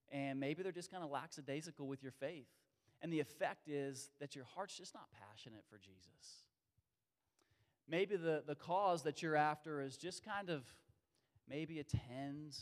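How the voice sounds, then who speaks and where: A male pastor preaching a sermon, animated, swinging between loud bursts and hushed asides. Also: on the high side. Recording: long hall reverb.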